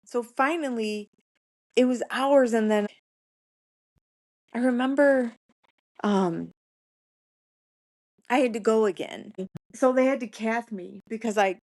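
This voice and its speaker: A woman's voice: on the high side, slow, pauses often, a little mellow. Earnest woman telling her own story. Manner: earnest, plainspoken, repeats phrases for emphasis. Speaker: podcast guest. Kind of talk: recounting a personal story in conversation.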